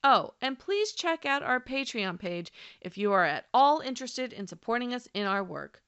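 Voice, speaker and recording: Lively bright-voiced woman teaching a lesson. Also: a little high, dull audio. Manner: clear, deliberate, slows to model example words. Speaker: language teacher. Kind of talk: scripted instructional narration.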